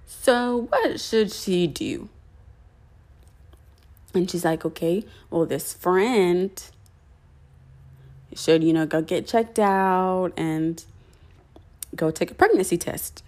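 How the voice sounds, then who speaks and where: A woman's voice: fairly low pitch, slow pace, long pauses, darkish tone. A young woman hosting a podcast, telling a personal story in a chatty way with many fillers and restarts. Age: young adult. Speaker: podcast host.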